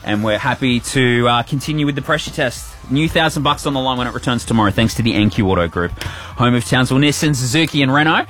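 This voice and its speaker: A middle-aged man hosting a breakfast radio show, chatty and warm, repeating words as he talks. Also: medium pitch, quick pace, soft background music. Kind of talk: casual radio chat. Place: radio studio.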